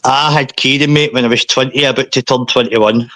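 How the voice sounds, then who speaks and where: A man, a podcast guest, recounting a painful personal story in a halting way, often repeating himself and saying mate. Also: medium pitch, steady tone, fairly bright tone, no room sound.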